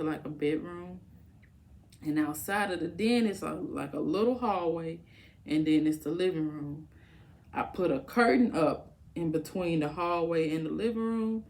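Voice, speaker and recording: A young woman vlogger giving casual, encouraging advice straight to the camera, chatty and full of fillers. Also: low voice. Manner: conversational, encouraging, colloquial with fillers.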